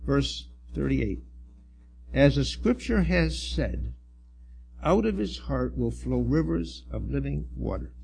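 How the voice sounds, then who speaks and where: A middle-aged man, a church elder, preaching a sermon in an earnest, halting way with restarts and emphatic swells. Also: medium pitch, very animated, vocal fry, a little mellow, slightly rough.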